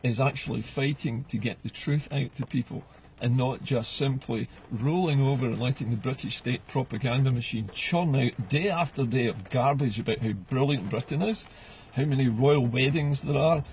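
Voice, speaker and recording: A man's voice: medium pitch, moderate pace, darkish tone, slight background noise, poor audio. A middle-aged Scottish man ranting passionately from inside a car, firing off rhetorical questions as a political vlogger. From Scotland. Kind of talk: ranting to camera.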